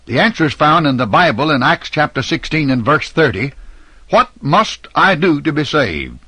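A middle-aged man delivering a scripted sermon address as a radio preacher, in a measured, emphatic, declamatory way. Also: fairly high pitch, very animated, sharp tone, slightly rough, no echo.

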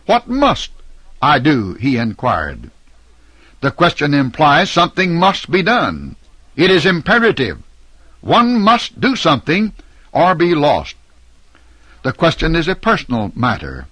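A middle-aged man preaching with a bright, forceful tone and a slightly husky grain. His delivery is measured and declamatory, and the pitch rises and falls a great deal as he stresses key words. The sound is dry and close. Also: wildly swooping pitch, no room sound. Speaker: radio preacher. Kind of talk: scripted sermon address.

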